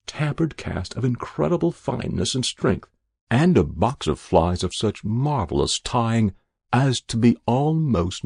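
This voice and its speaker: A man reading a story aloud in a measured, expressive storytelling manner. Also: mid-range voice, creaky, husky, no room sound, studio quality. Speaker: narrator.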